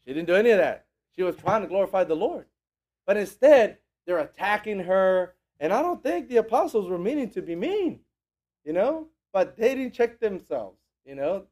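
A man preaching a sermon in an animated, conversational way, acting out the people he quotes. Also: a little high.

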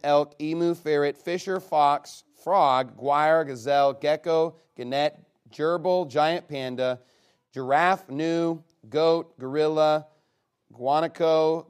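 A man with a slightly raised pitch runs a casual guessing game with a live audience. He rattles through a long list and keeps cutting in with quick, jokey comments. His tone stays loose and conversational. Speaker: game leader reading out his list to players.

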